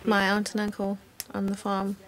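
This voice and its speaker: A woman talks in a documentary interview, earnest and plain-spoken. Her voice sits at an ordinary middle pitch. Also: completely flat delivery, moderate pace, slight background noise. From Zimbabwe. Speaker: au pair.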